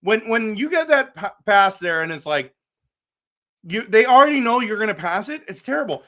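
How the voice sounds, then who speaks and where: A man with a high, forceful voice hosts a hockey post-game show and talks casually over game replays. He rambles and gets excited, often restarting his sentences. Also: normal speed.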